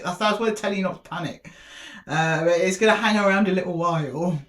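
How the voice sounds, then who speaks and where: A woman talks through a tarot spread to the camera. She keeps it light and chatty, laughing a lot and slipping into little voices for the universe between cards. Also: lowish voice. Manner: chatty and playful, laughs often, acts out the universe in quick asides. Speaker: tarot reader. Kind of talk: casual tarot reading to camera.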